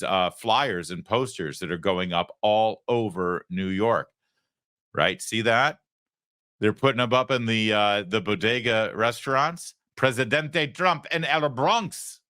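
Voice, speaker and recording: A man's voice: lowish voice, bright, forceful tone. A man hosting a political commentary show, talking in an emphatic, sarcastic way.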